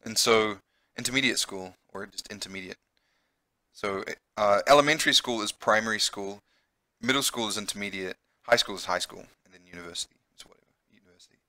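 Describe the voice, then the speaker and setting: A man's voice: on the low side, a little fast, pushed and bright, no echo. A man with a New Zealand accent who teaches English, reading a visual novel aloud and chatting in a teacher's explaining way.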